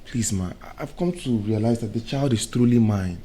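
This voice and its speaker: A man's voice: lowish voice, moderate pace, mellow, a little hiss or hum, lightly acted. A young actor with a Nigerian accent playing a repentant young man imploring forgiveness. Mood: pleading. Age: young adult. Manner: pleading, imploring.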